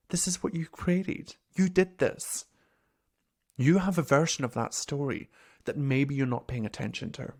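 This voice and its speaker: A man, a coach for nurses giving an earnest, animated motivational talk full of rhetorical questions. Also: a little high. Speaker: podcast host, nurse coach.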